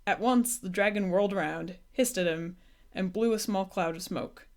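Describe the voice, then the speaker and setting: A woman reads a children's storybook aloud, gentle and unhurried. Her voice sits at a mid pitch and moves evenly from line to line. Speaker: storybook reader. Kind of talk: reading a children's book aloud.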